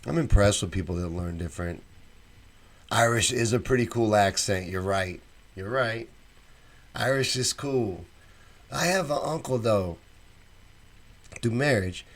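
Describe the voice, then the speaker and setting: Casual streamer guy reading chat out loud and riffing on it, kinda low voice. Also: unhurried, pauses often. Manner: chatty, reads viewer comments aloud and reacts with opinions. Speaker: show host reading live chat.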